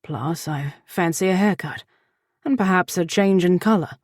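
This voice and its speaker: A woman putting on a rough-edged barbarian man, lowering her voice to a gruff murmur. He speaks tenderly and earnestly, with a dry close-up sound and little room around him. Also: normal speed, a little mellow, no echo, natural voice.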